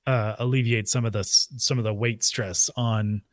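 A podcast co-host speaks in a fairly low voice with fairly even intonation at a normal speed, recorded dry with clean studio sound. His casual chat is hesitant, full of fillers and restarts.

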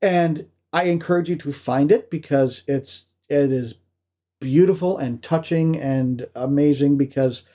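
A man co-hosting a podcast, telling stories in a lively way with frequent laughs and restarts. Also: fairly high pitch, measured pace. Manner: animated storyteller, laughs often, restarts. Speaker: podcast co-host. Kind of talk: casual chat.

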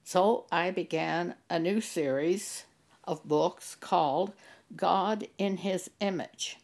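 Woman, Christian author giving a testimony; unhurried and gentle, a little low-pitched. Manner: slow and deliberate, gentle, measured phrasing. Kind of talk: slow devotional testimony.

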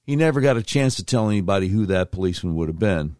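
A man's voice: low-pitched, expressive, fast talker, darkish tone, dry recording, studio quality. A middle-aged man hosting a talk radio show, commenting with emphatic, incredulous asides.

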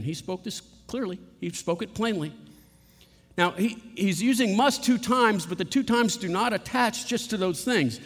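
A man preaching a sermon in an earnest tone, leaning on key words and slowing down to stress them. His voice sits a little high for a man, and a long reverb trails behind it. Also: animated. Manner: earnest preaching, slows for emphasis, repeats words. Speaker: pastor.

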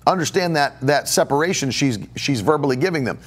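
A man's voice: fairly high pitch, moderate pace. A middle-aged man preaching a podcast sermon, emphatic, repeating phrases for stress and answering viewer questions. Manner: takes viewer questions live. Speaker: pastor.

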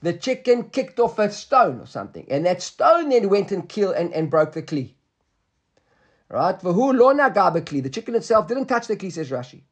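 Husky high-voiced man teaching Talmud. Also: sing-song, normal speed. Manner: explains step by step, often asks "right?" to check students follow; mixes English with Hebrew and Aramaic terms. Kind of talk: Talmud class lecture.

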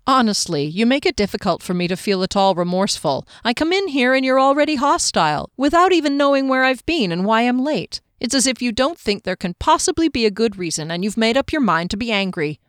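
A quick-witted young heroine with a brisk, defensive edge, voiced by a woman. She speaks a bit higher and louder than the narration, in a dry, close storybook reading. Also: lively intonation, clean tone, no room sound, close to an everyday voice. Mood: indignant. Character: spirited young woman adventurer, sharp-tongued.

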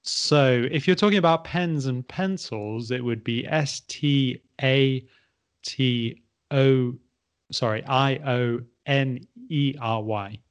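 A man who teaches English, chatting casually and spelling words out in a measured way. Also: medium pitch. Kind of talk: casual conversation.

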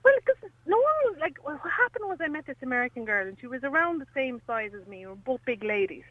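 A woman's voice: high-pitched, sing-song, fast talker, fairly bright tone, dry recording, poor audio. A young Irish woman calling a radio show, nervous and chatty as she tells a story. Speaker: radio caller. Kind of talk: phone-in chat.

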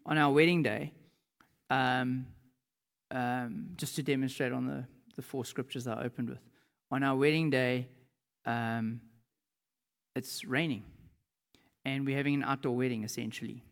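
Animated male preacher in a reverberant hall. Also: mid-range voice, a little slow, gravelly, long pauses. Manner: animated storytelling, shouting in reenactments. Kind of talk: sermon with personal stories.

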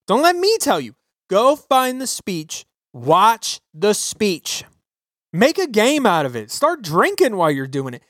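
A man's voice: sits high, dry recording, studio quality. Ranting, profane male podcast host. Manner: swearing, ranting, animated and emphatic. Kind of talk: profane political rant. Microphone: podcast microphone.

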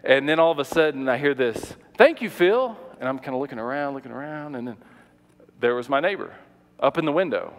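A man preaching a sermon, telling a personal story in an animated way, often repeating words and acting out what people said. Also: mid-range voice, fast talker, long reverb tail, slight background noise. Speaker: pastor.

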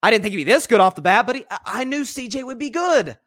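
A man hosting a casual solo sports podcast, talking in an animated, rambling way with many restarts. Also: very high-pitched, fast, no room sound, studio quality. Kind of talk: casual solo sports commentary reading live comments.

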